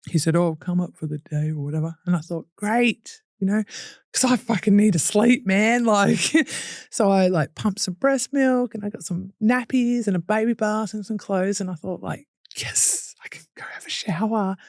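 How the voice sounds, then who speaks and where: In a clean, echo-free studio recording, a young Australian woman speaks as a podcast guest at medium pitch and a moderate pace, her tone somewhat dark. She recounts her hard story bluntly, with swearing, laughter through painful memories and acted-out quotes from people.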